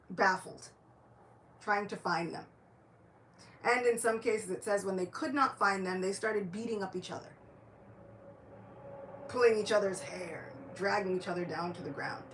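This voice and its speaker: A woman's voice: mid-range voice, slight background noise. A woman giving a devotional lecture, telling a story and acting out each character's lines in quoted voices. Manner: animated, acts out dialogue in quoted voices.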